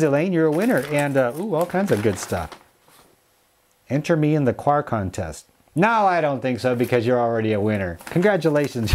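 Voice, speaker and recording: Middle-aged male vlogger, chatty, rambling, quick to laugh. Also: a little high, a little mellow, a little hiss or hum. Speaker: gardening channel host. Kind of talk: casual vlog chat.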